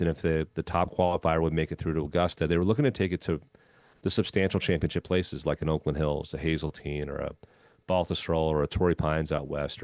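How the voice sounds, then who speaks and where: Deep-voiced guy telling a golf story on a podcast, laid back, lots of ums, dry close sound. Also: no room sound. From Minnesota. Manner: relaxed anecdotal storytelling with frequent "um" and "you know". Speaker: podcast guest, former golf club head pro. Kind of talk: storytelling in a conversational interview.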